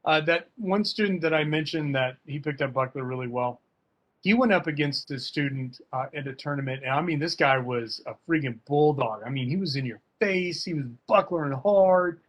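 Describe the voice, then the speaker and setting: A man's voice: on the high side, moderate pace. Casual, slangy man coaching fencers. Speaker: fencing coach and guest speaker. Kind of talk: online workshop talk.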